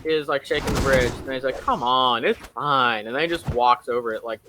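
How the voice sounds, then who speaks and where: A man's voice: mid-range voice, quick pace, background noise. Rambling young-sounding man retelling a movie. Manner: rambling, many "like"s and restarts.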